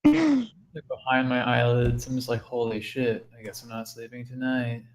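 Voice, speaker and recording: A young man talking casually with friends in a voice chat, quick and offhand. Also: medium pitch, expressive. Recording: noisy voice chat mic.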